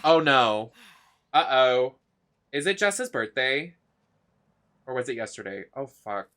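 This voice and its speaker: A young man streaming a video game live, chatting casually in an excitable, giggly, gushing way. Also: mid-range voice, measured pace.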